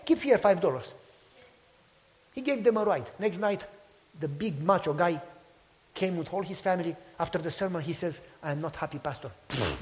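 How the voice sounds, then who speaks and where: Male pastor, high-pitched, animated loud-to-hushed delivery, echoing hall. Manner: animated storytelling, acts out quotes, swings from loud to hushed. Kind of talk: sermon with storytelling.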